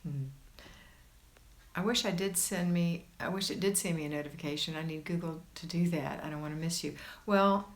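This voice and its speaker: A woman's voice: on the low side, fairly even intonation, normal speed. A woman hosting a casual livestream, reading viewer comments aloud and reassuring her viewers in a chatty way. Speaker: homemaking livestream host.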